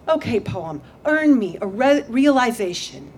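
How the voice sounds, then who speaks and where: A woman poet reads her work aloud outdoors, unhurried and deliberate. Her delivery swings between fierce intensity and dry self-mockery. Faint ambient sound sits behind her. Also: mid-range voice, slight background noise. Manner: intense and dramatic, turning wry and self-mocking. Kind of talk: live poetry reading. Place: outdoor backyard venue.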